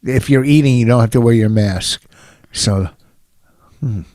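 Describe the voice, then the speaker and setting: A man's voice: medium pitch, a little slow, mellow, no room sound, studio quality. A middle-aged man co-hosting a podcast in casual chat, ranting bluntly and swearing a lot. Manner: blunt, grumbling rants with heavy swearing. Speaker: podcast co-host.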